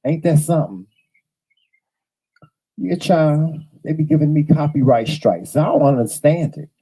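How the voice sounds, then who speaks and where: A man in his fifties drawls through a relaxed livestream chat, unhurried and easygoing. His voice is very dark and mellow, with a husky edge. He greets his viewers one by one in a casual, talkative way. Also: a little high, rough recording. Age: 50s. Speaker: livestream host. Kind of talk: casual chat to a live audience. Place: at home.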